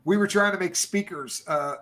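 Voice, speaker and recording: A man's voice: high voice, normal speed, fairly bright tone. A middle-aged man telling stories in loose, casual chat, swearing and calling people dude and bro.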